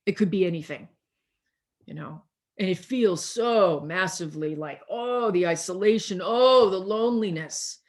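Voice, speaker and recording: Her pitch sits in the medium range as this woman pastor preaches over a video call. She speaks deliberately, repeats ideas, and elongates her key phrases to drive them home.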